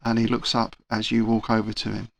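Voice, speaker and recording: A man serving as game master, describing the setting and what the players see. His delivery is relaxed and conversational, with small asides to the table. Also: fairly low pitch, a little fast, gravelly.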